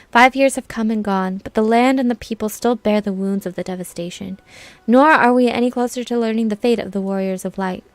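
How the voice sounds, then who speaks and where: A woman's voice: on the high side, no room sound, natural voice. A woman voicing a gracious elder woman who leads a forest city, reading formal lines aloud with small stumbles.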